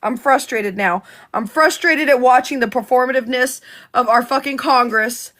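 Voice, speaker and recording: A woman vlogger tears into politics in a heated, profane live rant, talking fast. Her voice is high-pitched and a bit bright.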